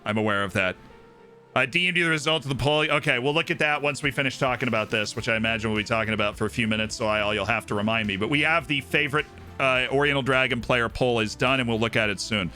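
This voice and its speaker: A man's voice: medium pitch, fast talker, pushed and bright, faint music behind. A man streaming live, rambling through his opinions in casual chat and often checking in with "right?".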